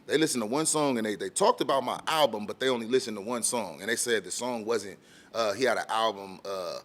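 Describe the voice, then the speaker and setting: A man from San Diego County, a rapper guest on a podcast, telling a long story quickly and acting out the voices of the people in it. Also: on the low side, fairly bright tone. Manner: fast, rambling, acts out quoted voices. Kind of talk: storytelling in casual podcast chat.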